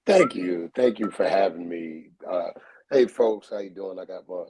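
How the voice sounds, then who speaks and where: A man talks in a low, easygoing voice. He tells his stories loosely, with plenty of fillers. The sound comes over a video call. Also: moderate pace, low-quality recording. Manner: relaxed, storytelling, many fillers. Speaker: comedian guest. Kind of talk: casual interview talk.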